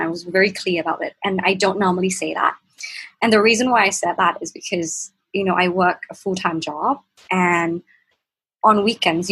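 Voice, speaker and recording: A woman's voice: fairly low pitch, a bit bright, breathy edge, low-quality recording. A woman guest speaking casually, recounting a personal story with many restarts and acting out what was said. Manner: halting, many restarts, acts out quoted exchanges. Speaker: program participant, guest.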